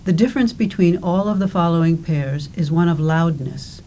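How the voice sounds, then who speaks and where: A woman giving scripted instructional narration for a language course, speaking deliberately and enunciating with care. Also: lowish voice, dark tone, slight background noise, low-quality recording. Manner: slow, deliberate, careful enunciation.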